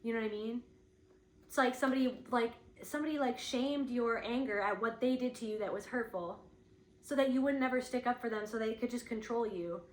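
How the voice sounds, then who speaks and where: A woman's voice: a little high, a little fast, roomy sound, low-quality recording. A woman giving an intuitive spiritual reading, thinking aloud in a searching, rambling way, with lots of "like". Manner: searching, rambling, heavy use of "like".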